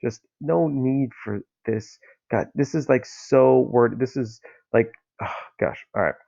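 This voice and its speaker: Man at an everyday mid pitch, rambling host of a comic book review podcast, incredulous and filler-heavy, recorded dry and lo-fi. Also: unhurried, creaky, warm tone, no room sound. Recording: dull lo-fi, dry sound.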